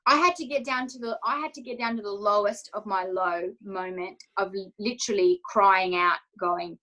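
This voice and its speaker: A woman's voice: mid-range voice, steady tone, normal speed, pushed and bright, low-quality recording. A woman coach telling her personal story in an interview, emotional and candid, acting out her own inner thoughts as she speaks. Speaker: confidence coach, interview guest.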